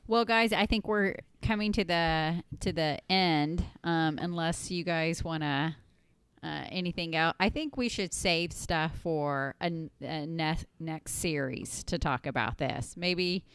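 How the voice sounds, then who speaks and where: A woman with a smooth, clear, slightly low voice hosts a casual podcast, guiding the talk toward a close. Her sound is dry and close to the mic. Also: measured pace, fairly bright tone, no room sound. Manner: steers the talk, wraps things up. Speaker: podcast host.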